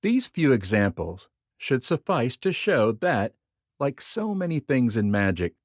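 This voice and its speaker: A man reads nonfiction aloud with a measured, expressive delivery. His intonation moves freely up and down over a middle-pitched voice. The recording is dry and close, with no room sound. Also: dry recording. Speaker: reader of a magic theory book.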